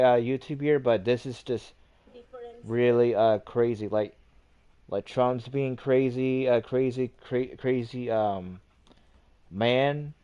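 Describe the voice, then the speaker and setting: A man's voice: mid-range voice, darkish tone, clean tone, lo-fi sound. A man hosting a livestream, ranting casually in a rambling, repetitive way and swearing often. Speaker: livestream host.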